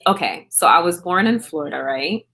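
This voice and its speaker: A woman's voice: fairly low pitch, expressive, a little fast, a bit bright. A woman in her thirties with an American accent, casually chatting with viewers on a livestream, greeting them by name and answering their comments. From grew up in England on a US military base. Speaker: livestream host.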